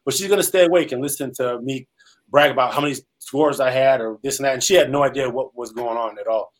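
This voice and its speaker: On a rough recording, a man from Salinas, California who once played pro football tells his life story during an interview. He talks fast in a mid-range voice, sincere but meandering and heavy on filler words.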